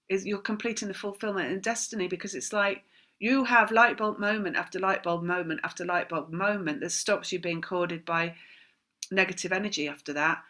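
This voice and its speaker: A woman talks through a spiritual tarot reading in a bright, clear voice. She wanders from thought to thought and repeats words in long chains. Now and then she laughs at herself and says sorry for the way she talks. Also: medium pitch. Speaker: tarot reader.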